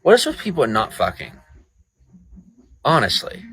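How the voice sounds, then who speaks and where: A man's voice: fairly low pitch, wildly swooping pitch, moderate pace, pauses often, a bit bright, rough recording. A man live-streaming outdoors at night in the rain, ranting in a profane and sarcastic way to his chat. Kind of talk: late-night livestream rant.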